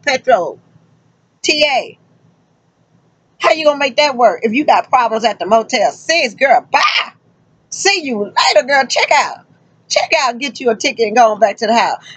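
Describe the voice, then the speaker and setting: A woman's voice: fairly high pitch, breathy edge, highs cut off. A woman truck driver vlogging casually and sassily, talking straight to her viewers and calling them honey and girl. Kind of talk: casual chatty vlog.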